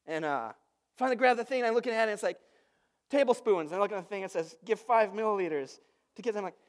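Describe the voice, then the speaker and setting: Male pastor, thirties, light high voice, chatty storytelling sermon. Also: fast. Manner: conversational, storytelling with lively asides.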